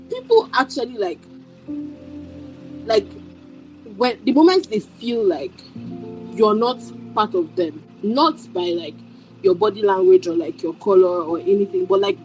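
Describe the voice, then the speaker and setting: A woman's voice: medium pitch, warm tone, poor audio. A woman in a book club discussion, speaking hesitantly with many fillers and apologies. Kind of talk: casual discussion.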